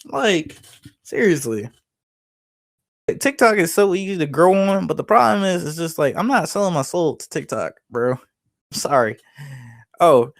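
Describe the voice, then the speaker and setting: A young man co-hosting a podcast, talking in a lively, rambling way with lots of "like" and swearing. His voice sits fairly high for a man. The sound is close and dry, with no room around it. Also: a little slow, vocal fry, long pauses, no room sound. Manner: animated, swearing, laughing, lots of "like". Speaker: podcast co-host. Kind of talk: casual podcast chat.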